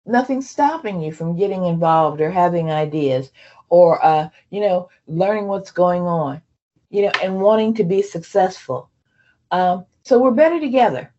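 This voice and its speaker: A woman's voice: medium pitch, animated, normal speed, warm tone. Woman presenter, chatty, muffled sound. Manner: conversational, many fillers and restarts. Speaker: program leader addressing trainees. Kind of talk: onboarding presentation.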